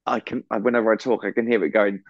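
A man's voice: lowish voice, flat delivery, fast, dry recording, lo-fi sound. A man co-hosting a podcast from a hotel room, rambling and laughing often. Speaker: podcast co-host. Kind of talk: casual chat over a video call. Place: echoey hotel room, on a bed.

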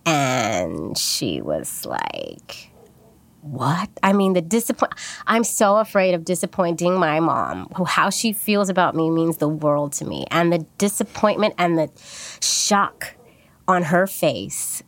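A woman's voice: low voice, sing-song, slow, no room sound. Woman, casual storytelling, rambling, lots of fillers and restarts, dry close mic. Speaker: guest telling a story.

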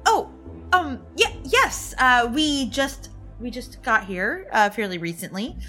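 A woman's voice: a little high, big pitch swings, takes it slowly, pushed and bright, faint music behind. A woman playing a tabletop role-playing game, talking hesitantly with many fillers. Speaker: player. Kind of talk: casual tabletop play.

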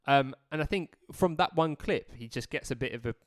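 A man's voice: medium pitch, a little fast, no room sound, studio quality. A man co-hosting a casual football podcast who tells stories in a playful, jokey way. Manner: animated storytelling, playful, jokey. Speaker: podcast co-host.

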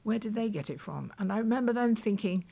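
A woman's voice: medium pitch, animated, quick pace, creaky, mellow. A woman in her eighties from the United Kingdom, a veteran broadcaster recalling her past thoughtfully as an interview guest, often restarting sentences and quoting what people said. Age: 80s. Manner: thoughtful, with frequent restarts and quoted recollections. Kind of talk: reflective storytelling in conversation.

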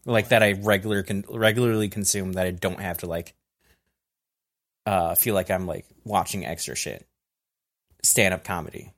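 A man's voice: low-pitched, steady tone, moderate pace, pauses often, a bit bright. A man hosting a casual podcast with friends, rambling and swearing easily, laughing often. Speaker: podcast host.

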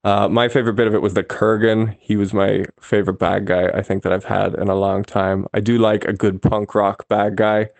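A man's voice: fairly low pitch, level tone, normal speed, gravelly, few pauses, darkish tone, dry recording. A man from Chicago, a caller leaving an easygoing, rambling recorded message.

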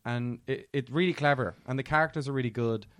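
A man's voice: medium pitch, quick pace, a bit bright, dry recording. A man co-hosting a film podcast in casual chat, who laughs easily and trails off while searching for names.

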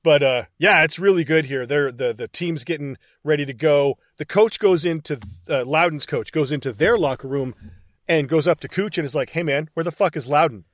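A man's voice: fairly high pitch, normal speed, dry recording, studio quality. A man hosting a casual podcast, retelling movie scenes with lots of swearing and enthusiasm. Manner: excited, profane retelling of scenes. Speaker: podcast host. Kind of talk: casual film recap chat.

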